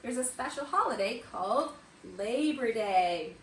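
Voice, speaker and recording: A woman teaching kindergarten and first graders in an online morning meeting, slow and sing-song. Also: a little high, expressive, reverberant, distant mic, slight background noise. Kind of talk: remote morning meeting lesson. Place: at home or classroom on camera.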